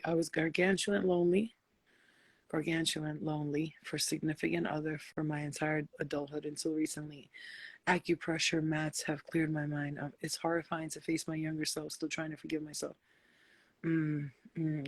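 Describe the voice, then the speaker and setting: A woman's voice: low voice, slightly rough, dry recording. A woman hosting a casual late-night spiritual live chat, blunt and profane, often slipping into playful voices. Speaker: spiritual live-stream host.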